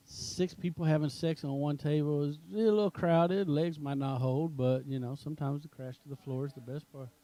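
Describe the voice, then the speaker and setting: A man's voice: a little high, steady tone, normal speed, few pauses, dark tone, rough recording. A man, co-hosting a podcast in casual chat, rambling and crude in his jokes. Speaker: podcast co-host.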